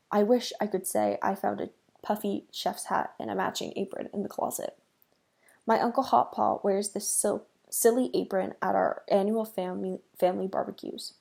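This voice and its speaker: A reader with a gravelly, husky, middle-pitched voice reads a children's book aloud. She's expressive, using dramatic pauses.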